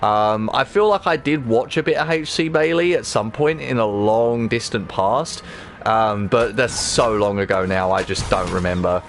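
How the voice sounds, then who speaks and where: A man's voice: fairly low pitch, moderate pace, slight background noise. A man in his thirties hosting a game livestream, talking in a loose, rambling way with many restarts and tag questions. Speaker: livestream host. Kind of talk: casual chat on a game stream.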